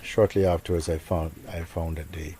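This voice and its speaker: Soft-spoken man, low and dark. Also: level tone, normal speed, a little hiss or hum. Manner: reflective, soft-spoken, often sinks to near a whisper. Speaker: spiritual teacher. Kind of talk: storytelling talk to listeners.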